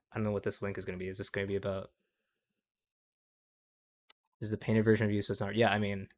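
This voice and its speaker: A young man streaming with a somewhat low voice, reacting to clips on the fly. He swears constantly, wanders from point to point and caps his takes with a quick "okay?", laughing at his own jokes as he goes. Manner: profane, rambling, tags lines with "okay?". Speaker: livestream host reacting to clips. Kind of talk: casual stream commentary.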